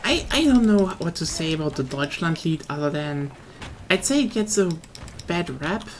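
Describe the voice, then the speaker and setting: Rambling German-accented woman with a low voice. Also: expressive, normal speed, slight background noise. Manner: rambling, swears casually, frequent restarts. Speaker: streamer. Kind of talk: casual stream chat.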